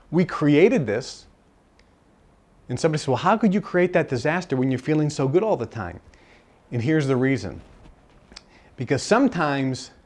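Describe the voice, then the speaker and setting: A man's voice: fairly high pitch, darkish tone. A man speaking at a live self-help seminar, earnest and repeating his key phrases for emphasis. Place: seminar room with a live audience.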